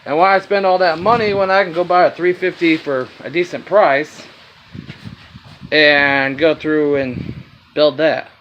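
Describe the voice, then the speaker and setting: A man's voice: on the high side, steady tone, unhurried, lo-fi sound, slight background noise. A man with a slight Southern accent filming a rambling, casual walkaround of his car project, swearing now and then.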